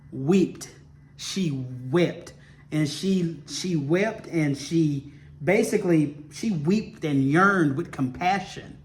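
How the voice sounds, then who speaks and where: Slow-talking man teaching a Bible lesson. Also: sits high. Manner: repetitive, keeps checking in with listeners by asking "okay?". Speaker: ministry teacher.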